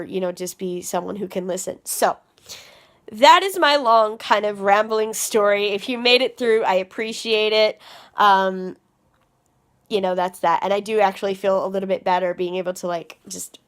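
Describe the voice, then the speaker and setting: A woman's voice: mid-range voice, smooth. A young adult woman talking openly to her viewers in a confessional vlog, earnest and rambling with fillers and restarts. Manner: stressed and frustrated venting. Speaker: vlogger.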